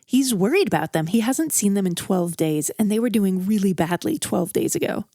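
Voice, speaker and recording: A woman's voice: medium pitch, lively intonation, normal speed, warm tone, no room sound, studio quality. Woman telling a campfire true story. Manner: conversational and vivid, with a dramatic build. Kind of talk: casual true-story narration. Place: outdoors around a campfire.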